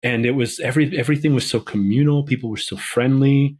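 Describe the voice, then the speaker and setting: A man's voice: medium pitch, quick pace, a little mellow, slightly rough. A man, a filmmaker guest on a podcast, talking casually and meandering, often restarting his sentences. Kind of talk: casual conversational chat.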